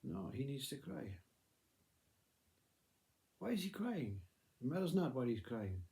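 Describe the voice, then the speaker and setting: A man voicing a calm, unbothered mother who brushes off her children's worries with soothing patience. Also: medium pitch, a little slow, creaky.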